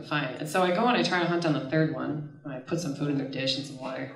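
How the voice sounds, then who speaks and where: A woman in her thirties telling a personal story on stage at a live event, casual and animated, often laughing and swearing as she goes. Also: deep voice, fairly quick, gravelly. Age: 30s. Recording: echoey room, voice from far off the mic.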